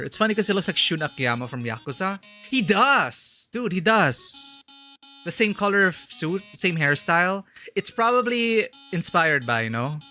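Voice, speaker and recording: A man's voice: a little high, pushed and bright. A man streaming a game, chatting casually with his viewers and reading the game text aloud. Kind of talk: casual live-stream commentary.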